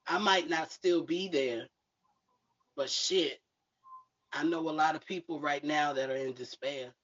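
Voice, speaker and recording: A man performing spoken word poetry on a livestream, slow and deliberate. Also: on the high side, a bit bright. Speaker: poet. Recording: dull lo-fi livestream audio.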